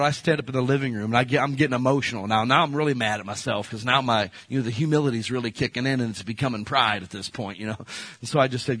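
A middle-aged man preaching a sermon in church, talking in a conversational way that swings from loud to soft. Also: medium pitch, fast talker. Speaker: pastor.

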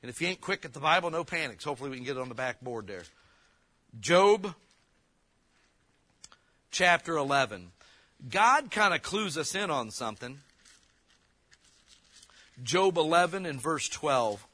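A man preaching a casual, joking sermon, slowing down to read old scripture verses and breaking into loud emphatic bursts. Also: a little high, expressive. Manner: reads King James verses slowly. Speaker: pastor.

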